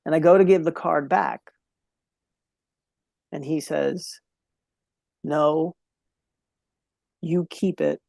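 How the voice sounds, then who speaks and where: A man's voice: a little high, fairly even intonation, slow, gravelly, long pauses, a little mellow, no echo. A man speaking as a podcast guest, telling a heartfelt story in an earnest way and repeating key phrases for emphasis.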